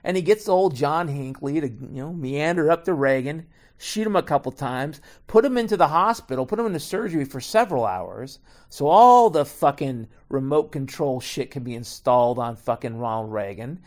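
Sarcastic and profane, this middle-aged man rambles through a comic rant at a moderate pace, staying animated throughout. He veers between mumbled asides and loud eruptions, his pitch swinging widely.

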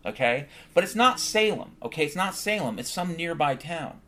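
Man, solo podcast rant, blunt and profane, slightly higher voice. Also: sing-song, normal speed, fairly bright tone. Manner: blunt, heated, swears often, rants. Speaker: podcast host.

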